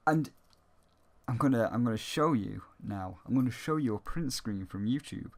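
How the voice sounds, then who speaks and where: A man's voice: mid-range voice, expressive, normal speed. A man ranting sarcastically and profanely in a game review.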